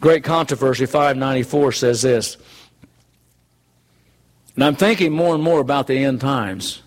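A man's voice: mid-range voice, moderate pace. A man preaching a sermon in an earnest, conversational way, full of rhetorical questions.

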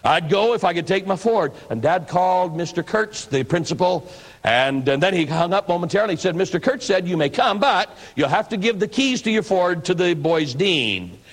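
A man's voice: high voice, animated, moderate pace, poor audio. A man in his sixties from the northwestern United States, a pastor and evangelist, telling his life story as a sermon in a folksy storytelling manner. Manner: folksy storytelling, acts out quoted voices. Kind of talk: personal testimony sermon.

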